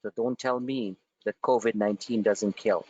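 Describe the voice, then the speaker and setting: A man's voice: fairly low pitch, fairly even intonation, moderate pace, darkish tone, dry recording, muffled recording. A man hosting a stock trading webinar, talking bluntly and emphatically, swearing and repeating himself for effect. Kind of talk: live trading webinar rant.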